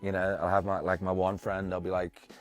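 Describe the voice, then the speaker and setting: Man from the UK, very low voice, easygoing interview chat, rambling with fillers. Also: monotone, fairly quick, soft background music. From United Kingdom. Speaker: guest, actor and filmmaker.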